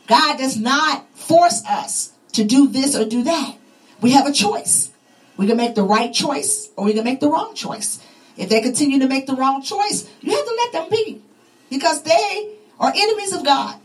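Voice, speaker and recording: A woman's voice: high voice, expressive, normal speed, low-quality recording. A woman preaching a sermon, fervent and repetitive, her voice rising and falling with emphasis.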